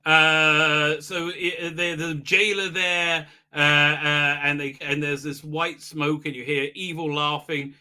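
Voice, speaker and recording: A man hosting a live stream uses a fairly high, pushed, bright voice with a clean tone, delivering flatly and slowly with few pauses. His recap of an episode rambles sarcastically, packed with fillers, as he mocks and mimics the characters mid-sentence.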